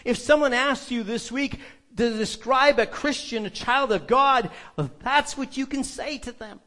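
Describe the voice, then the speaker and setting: Very high-voiced emphatic male preacher. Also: unhurried, sharp tone. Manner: emphatic, rhetorical questions to the congregation. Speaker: pastor. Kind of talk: sermon.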